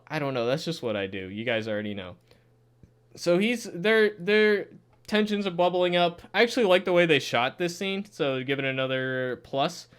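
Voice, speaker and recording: A man's voice: a little high, fairly bright tone, clear, resonant tone. A man casually reviewing a show episode, exasperated and sarcastic, swearing often and laughing in disbelief.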